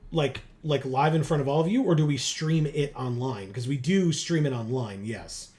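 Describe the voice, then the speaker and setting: A man's voice: mid-range voice, moderate pace, a little mellow. A man co-hosting a game livestream, chatting casually and rambling with lots of fillers and restarts. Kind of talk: casual chat while playing.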